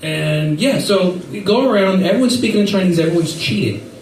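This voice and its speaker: A man doing a stand-up set, telling rambling stories in an animated way with silly voices. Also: sits high, a little fast. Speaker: stand-up comedian. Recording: echoey room from far off with faint noise.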